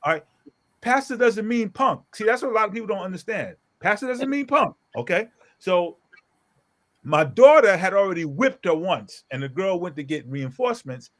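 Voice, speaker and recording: A middle-aged pastor tells a story in a relaxed group conversation, his slightly high voice swinging widely up and down. He talks with animated emphasis and keeps punching his points with a quick "okay?" to his listeners. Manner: animated and emphatic, often tags lines with "okay?". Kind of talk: storytelling in a casual group talk.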